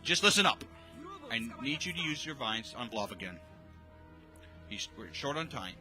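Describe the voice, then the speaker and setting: Animated streamer man, bright-voiced. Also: medium pitch, normal speed, soft background music, low-quality recording. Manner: animated, excitable, jokey, swears. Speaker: streamer playing a visual novel. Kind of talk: reading a game aloud with live reactions.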